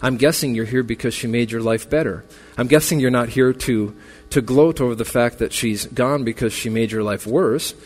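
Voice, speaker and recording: A pastor speaks at a medium pitch and moderate pace, barely pausing, as he gives a memorial sermon in a church sanctuary. His tone is earnest and consoling and rises in intensity, with long reverb and faint music audible in the recording.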